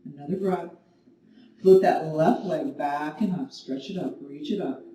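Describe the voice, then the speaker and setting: A woman yoga teacher guiding a class and telling a story between poses, with calm, gentle cues. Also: deep voice, measured pace. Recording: very echoey room, mic at a distance, faint noise.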